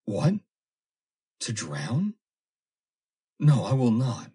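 A shrill, cowardly man in a panic, his voice pushed up high and cracking with fear, as a low-voiced male narrator puts him on. He pleads and shrieks, breathy and frantic. It comes from a storybook reading. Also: very animated, takes it slowly, darkish tone, full character voice. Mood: panicked. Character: cowardly panicking heavyset man trapped in a sinking submarine.

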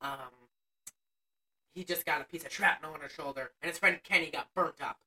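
Low-voiced, bright, sarcastic woman podcaster. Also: normal speed, distant mic. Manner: profane, sarcastic storytelling. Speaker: podcast co-host. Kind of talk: casual movie recap chat.

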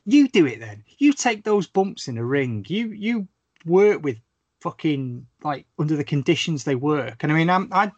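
Animated sweary man chatting. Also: normal speed, no echo, highs cut off. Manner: animated, sweary storyteller with big pitch swings. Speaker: podcast guest or co-host. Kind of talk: casual podcast chat.

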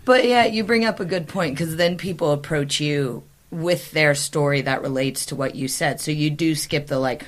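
A woman's voice: sits low, normal speed, hardly any pauses. A woman with a Midwestern American accent, hosting a podcast in chatty, rambling conversation. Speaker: podcast host. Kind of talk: casual conversation.

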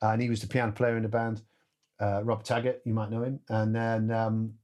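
Speaking at a moderate pace in a lowish voice, this guest, a musical director, spins animated stories in a relaxed conversation, imitating voices and sound effects along the way.

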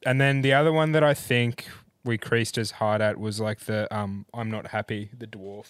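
A man's voice: fairly low pitch, flat delivery, moderate pace, clear, resonant tone, dry recording. A man co-hosting a podcast, easygoing and hesitant with "um". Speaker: podcast co-host. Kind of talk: casual chat.

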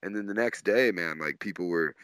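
A man's voice: low voice, a little fast, fairly bright tone, smooth, dry recording. A man, a comedian and tour manager, casually telling road stories, laid-back and swearing often, laughing through them. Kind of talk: casual storytelling.

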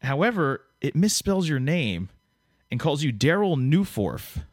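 This podcast host's voice is fairly high and very animated, delivered at a measured pace in a dry, studio-quality recording. His casual interview with a guest is rambling and jokey, packed with fillers and false starts.

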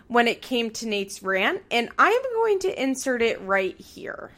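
A woman's voice: on the high side, big pitch swings, unhurried, few pauses, fairly bright tone. A young woman hosting a podcast, recapping a show in heated, profane rants. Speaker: podcast host.

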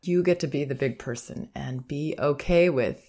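A woman hosting a parenting advice podcast, speaking in a calm, gentle and reflective way, with soft laughs. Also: low-pitched, moderate pace. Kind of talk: advice monologue.

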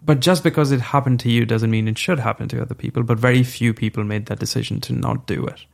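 Gravelly young man, frank storyteller. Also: medium pitch, fairly even intonation, quick pace. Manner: frank, reflective, swears casually. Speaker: guest storyteller. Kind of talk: candid personal storytelling.

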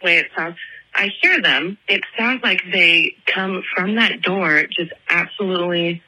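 A woman's voice: on the low side, a little slow, sharp tone, rough recording. A woman in her twenties from Atlanta tells a story in a casual, chatty voicemail, full of "like" and fillers. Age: 20s. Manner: chatty, filler-heavy, lots of "like". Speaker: listener calling in with a voicemail.

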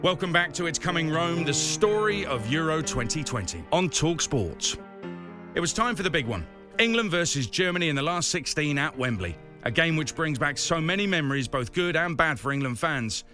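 A man hosting a sports documentary podcast in a lively, scripted storytelling delivery. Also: fairly high pitch, moderate pace, soft background music. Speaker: podcast host.

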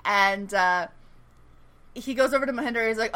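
A woman co-hosting a casual chat, recapping a TV show, animated and swearing freely as she acts out the characters' lines. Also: fairly high pitch, normal speed, long pauses. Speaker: podcast co-host.

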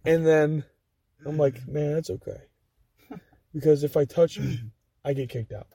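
A man's voice: a little high, normal speed, breathy edge, no echo. A young man telling casual, profane stories as a podcast guest, acting out what people said. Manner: profane, animated anecdote teller acting out quotes. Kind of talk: casual storytelling.

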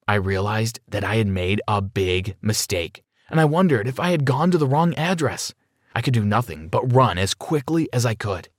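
A man narrating a dramatic first-person story in an expressive reading style. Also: on the low side, normal speed, dry recording, clean studio sound.

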